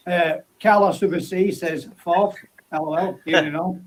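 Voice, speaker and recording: Chatty man, high voice. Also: steady tone, moderate pace, slightly rough, poor audio. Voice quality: chatty and laddish, calls people mate and bud. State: recovering from illness. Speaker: host of a live pond chat stream. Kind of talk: casual live-stream chat reading comments. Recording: faint background noise.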